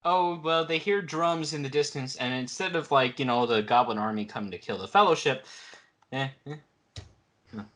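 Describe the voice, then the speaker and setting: A man's voice: mid-range voice, moderate pace. A man co-hosting a podcast in casual chat, recapping episodes and acting out the characters' lines as he goes. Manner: animated, acts out characters' lines while recapping. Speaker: podcast co-host.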